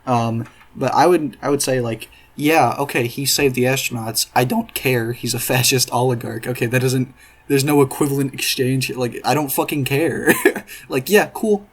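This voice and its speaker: Guy ranting in a reaction video, husky voice, cusses a lot, sarcastic and fed up. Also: medium pitch, moderate pace. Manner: profane, sarcastic, exasperated ranting. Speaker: commentary YouTuber. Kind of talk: reaction commentary.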